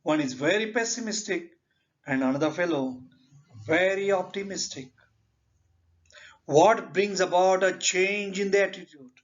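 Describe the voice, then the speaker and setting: A man with an Indian English accent teaching a literature lesson, speaking slowly and deliberately and asking rhetorical questions. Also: high voice. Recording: dull lo-fi recording.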